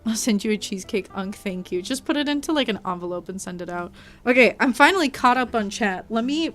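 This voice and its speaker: A woman's voice: on the high side, lively intonation, moderate pace, fairly bright tone, soft background music. A woman streaming a video game, chatting casually and rambling to her chat, sometimes talking with her mouth full. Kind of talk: casual live-stream chat while gaming. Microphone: desk mic.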